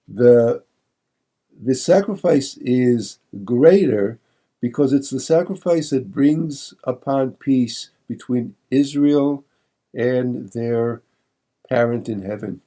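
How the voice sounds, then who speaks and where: Dark-voiced rabbi teaching Torah. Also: male voice, mid-range voice. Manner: reads Hebrew verses quickly, then translates slowly with many fillers; reflective, poses questions to the listener.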